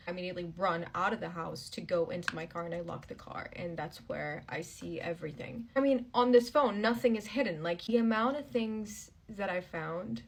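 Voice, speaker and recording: A woman's voice: medium pitch, slightly rough. A young woman dramatically retelling a personal story in a casual storytime.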